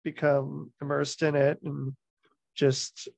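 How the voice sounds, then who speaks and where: Man, podcast host, halting, searching for words, very slow, slightly high voice. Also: level tone, creaky, darkish tone, dry recording. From United States. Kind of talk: casual interview conversation. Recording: dry, dull lo-fi audio.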